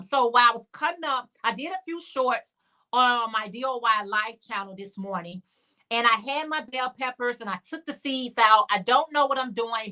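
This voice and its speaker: A woman's voice: a little high, sharp tone. A woman hosting a casual crochet livestream, chatting and answering viewer comments. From Chicago area. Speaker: livestream host.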